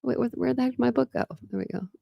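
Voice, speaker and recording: A woman livestreams herself reading a book at home in a thunderstorm, often stopping to chat, laugh and stumble over hard words. Her voice is a little high and creaky, and she races along. The audio is dull, with no room sound.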